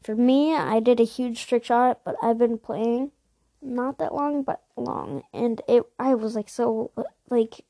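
A woman's voice: a little high, fairly even intonation, slow, dark tone, no room sound. Rambling woman chatting about games. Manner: rambling, many fillers and restarts, apologetic asides. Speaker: podcast host. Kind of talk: casual chat about video games.

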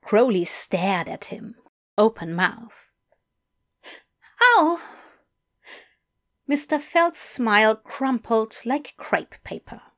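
A woman reading fiction aloud as narrator, with unhurried, expressive storytelling. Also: a little high.

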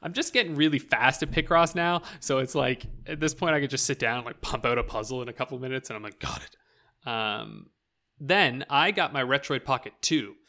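A young man from rural Canada co-hosts a podcast, casually chatting about video games in a very animated, bright, forceful voice of medium pitch. He talks a little fast, rambles, laughs often and fills his speech with "like."

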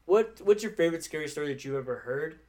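A man's voice: fairly high pitch, lively intonation, quick pace, dark tone. A man co-hosting a casual chat with friends, telling a childhood story in a rambling way, laughing often and swearing freely. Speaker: podcast co-host.

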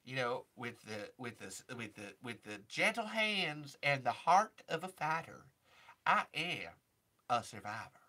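A man's voice: mid-range voice, sing-song, measured pace, sharp tone, voice pushed down, exaggerated voice. A man putting on a tough country-singer woman, a hard-working single mom, with a twangy, sassy and bossy way of talking. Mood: defiant.

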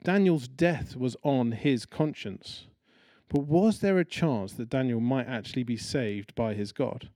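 Man preaching a lively conversational sermon. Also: mid-range voice, a little slow, no echo. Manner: conversational, animated storytelling with acted-out quotes.

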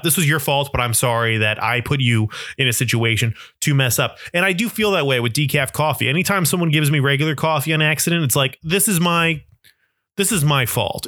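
Young male comic with a bright tone, recorded dry and close, rambling and self-mocking. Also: mid-range voice, no echo. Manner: rambling, self-deprecating, animated storytelling. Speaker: comedian. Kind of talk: comedic monologue.

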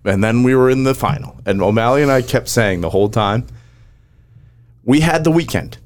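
A man in casual chat, animatedly recounting a match shot by shot. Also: medium pitch. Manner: animated storyteller, rapid play-by-play recounting.

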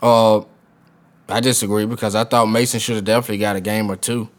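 A man's voice: lowish voice, flat delivery, fast. A man co-hosting a sports talk show, earnest, laying out his argument step by step. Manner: earnest, lays points out step by step. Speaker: podcast co-host. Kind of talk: sports commentary chat.

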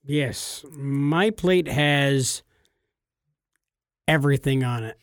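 A man's voice: medium pitch, drawn-out words, dry recording, clean studio sound. A man from California co-hosting a podcast, chatting casually in an enthusiastic, playfully boastful way. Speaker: podcast co-host. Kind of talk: casual chat.

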